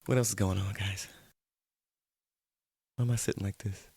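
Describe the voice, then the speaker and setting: A man's voice: fairly low pitch, moderate pace, pauses often, fairly bright tone, no echo, studio quality. A man hosting his own web show alone, talking straight to viewers in a playful, rambling way. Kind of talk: casual solo talk-show monologue.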